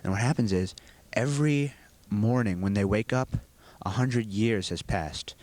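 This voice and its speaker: A teenage boy with a fairly low voice answers questions for a school video. He talks earnestly and rambles through long explanations. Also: a little slow, darkish tone, no echo. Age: teens. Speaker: student actor being interviewed.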